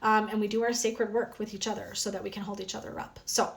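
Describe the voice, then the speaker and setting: This woman speaks fast in a gravelly, medium-pitched voice, a wellness coach with a sore throat from talking on her phone live stream. The chat is casual and energetic, peppered with "um" and "right?".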